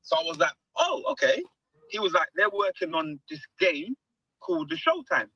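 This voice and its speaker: A man's voice: high voice, fairly quick, vocal fry, husky, dry recording, dull audio. A man, a guest musician telling stories in an interview and acting out the dialogue. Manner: animated, acts out quoted dialogue. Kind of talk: storytelling interview.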